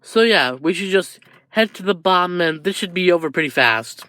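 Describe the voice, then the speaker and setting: A man voicing an impatient, hurried young male hero in a fan-told story. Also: high voice, animated, sharp tone.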